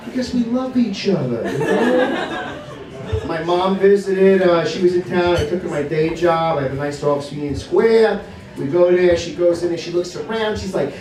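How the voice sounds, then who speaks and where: New comic guy, middle-aged, brash and sweary, yelling punchlines, mic kinda far off, bar crowd laughing. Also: sits high, moderate pace. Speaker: stand-up comedian. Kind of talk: stand-up comedy set. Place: comedy bar stage, live audience. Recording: echoey room, from afar, crowd laughter.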